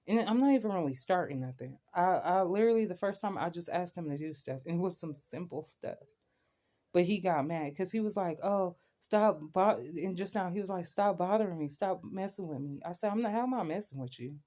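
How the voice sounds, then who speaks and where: Young adult woman, vlog venting; warm, low-set voice, emphatic and rambling delivery. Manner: emphatic, rambling, keeps asking "you know what I'm saying". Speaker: vlogger. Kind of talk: venting rant to camera.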